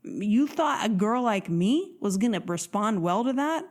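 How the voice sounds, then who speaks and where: Woman, dating-coach host, lively chatty monologue, mid-pitch. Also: unhurried. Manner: animated, acts out quoted voices. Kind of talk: casual motivational monologue.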